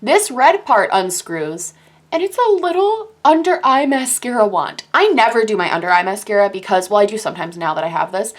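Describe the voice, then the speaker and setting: A young woman casually reviewing the makeup she loves, gushing in quick, animated bursts of enthusiasm. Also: mid-range voice. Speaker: beauty YouTuber.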